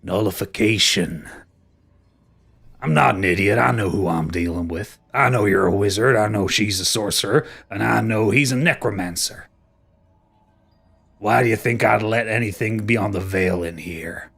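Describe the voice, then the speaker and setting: Guy doing a crude touchy lord, gravelly raspy low voice, blustering and indignant in a tabletop game. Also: moderate pace, a bit bright, heavily acted. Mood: smug. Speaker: player voicing a lord. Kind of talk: tabletop role-play.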